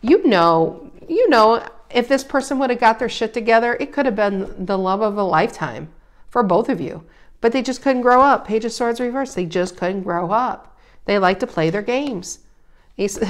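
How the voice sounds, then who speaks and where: A woman giving a casual tarot reading, emphatic and animated, her voice rising loud and dropping soft. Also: medium pitch. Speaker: tarot reader.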